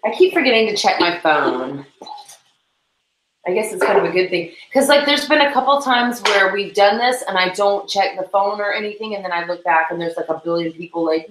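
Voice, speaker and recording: A woman co-hosts a casual livestream chat while cleaning tack, rambling, giggling and tossing in quick asides. Her voice sits at medium pitch with a fairly bright tone. The room is echoey, with a little hiss or hum, and the recording is rough.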